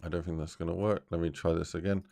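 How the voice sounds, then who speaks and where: A man's voice: low voice, little pitch movement, fast talker, creaky, mellow. A man chatting casually on a live stream while he builds a game map, thinking aloud and talking to his chat in a rambling way.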